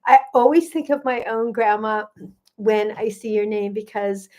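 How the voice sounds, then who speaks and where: A middle-aged woman, a gut health coach, chatting warmly and greeting viewers by name as she hosts a livestream. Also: medium pitch, measured pace.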